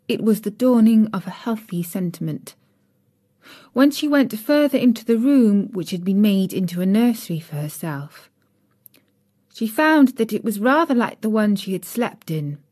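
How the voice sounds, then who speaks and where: A woman's voice: mid-range voice, dark tone. Woman reading a classic novel aloud. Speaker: audiobook reader. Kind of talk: scripted narration of a classic novel.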